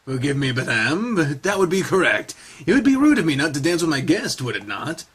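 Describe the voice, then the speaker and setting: A man voicing a polite, gentle young male wolf who speaks softly and courteously. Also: on the high side, big pitch swings, a little fast, slightly rough, full character voice. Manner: soft-spoken, courteous.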